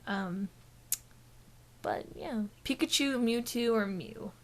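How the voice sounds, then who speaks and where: A woman's voice: fairly high pitch, slow. A woman co-hosting a casual gaming podcast, chatty and giggly, rambling with lots of fillers. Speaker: podcast co-host. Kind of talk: casual chat.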